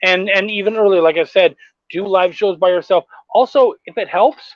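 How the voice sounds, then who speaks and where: High-voiced man swearing freely on a call. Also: moderate pace, dry recording, lo-fi sound. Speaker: podcast host. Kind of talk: casual video-call chat.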